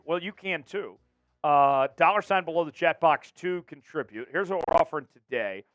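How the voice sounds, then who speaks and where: On a muffled recording, a man with a slightly high voice and moderate pace runs a casual sports talk livestream. He keeps things upbeat, reading viewers' messages, shouting chants, and talking with his co-host.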